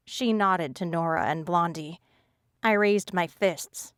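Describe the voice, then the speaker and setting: Smooth-voiced woman narrating an audiobook. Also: on the low side, slow pace, no echo, studio quality. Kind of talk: scripted narration.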